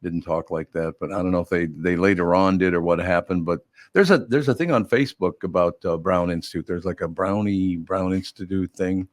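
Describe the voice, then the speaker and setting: A man's voice: deep voice, brisk, hardly any pauses, no room sound, clean studio sound. An older man hosting a radio show, chatting casually in a wry, rambling, self-mocking way. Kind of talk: casual chat.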